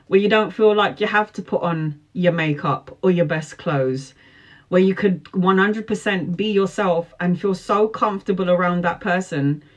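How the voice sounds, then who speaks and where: A woman in her forties talks straight to her viewers in a live chat. She reads tarot and answers their questions. Her delivery is earnest and emphatic, and she keeps coming back to motivational slogans as she drives her points home. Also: mid-range voice. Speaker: tarot reader.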